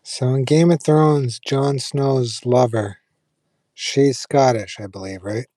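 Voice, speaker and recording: A man's voice: medium pitch, fairly even intonation, takes it slowly, mellow, no echo. A man chatting casually with viewers on a live stream, rambling with fillers and restarts.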